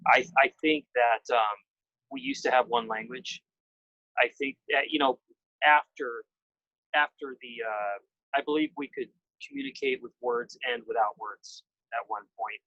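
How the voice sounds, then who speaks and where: A man in casual conversation, eager and rambling as he throws out his own theories, with a middle pitch and the odd curse. The sound is dry and close. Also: unhurried, no echo, dull audio. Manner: excited, rambling, drops casual swearing. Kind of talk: casual group chat.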